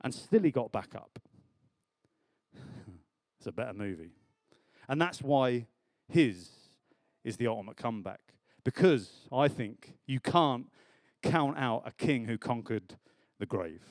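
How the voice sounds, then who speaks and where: A man preaching a sermon in church, chatty and animated, laughing often. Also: medium pitch, measured pace, long pauses, no echo.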